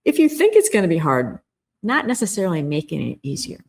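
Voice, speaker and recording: A woman's voice: fairly low pitch, big pitch swings, brisk, darkish tone. A middle-aged woman guest on a podcast interview, explaining a communication skill in an earnest, emphatic way and acting out quoted inner voices.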